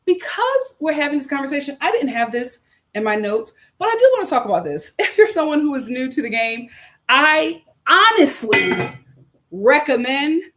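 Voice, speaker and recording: A woman's voice: high-pitched, sing-song, moderate pace, a bit bright, slight background noise. An American woman chatting casually to her livestream viewers, upbeat and talkative with plenty of fillers and asides. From United States. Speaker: lifestyle streamer.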